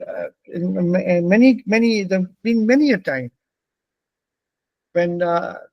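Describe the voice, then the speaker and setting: A man's voice: high voice, no room sound, poor audio. A man, a Telugu speaker, telling a personal anecdote as a German teacher, hesitant with frequent fillers.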